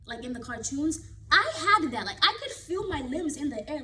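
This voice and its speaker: A woman vlogger telling a personal story in a casual, animated and dramatic way. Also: sits high, normal speed, a little hiss or hum, rough recording.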